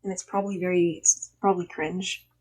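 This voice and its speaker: A young woman telling a story in a casual vlog, emphatic and swearing freely, her voice still a little hoarse from being sick. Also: on the low side, steady tone, brisk, a little mellow. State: slightly hoarse after illness. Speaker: vlogger.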